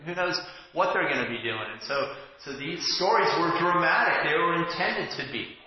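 A man preaching a conversational sermon, reading scripture and breaking off into joking asides and halting restarts. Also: a little high, expressive. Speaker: pastor. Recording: echoey hall, dull lo-fi, faint noise.

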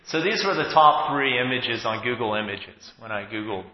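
A man's voice: medium pitch, normal speed. A pastor in his forties giving a conversational sermon and often restarting his sentences. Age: 40s. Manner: conversational, with self-interrupting restarts. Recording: echoey hall, dull lo-fi sound.

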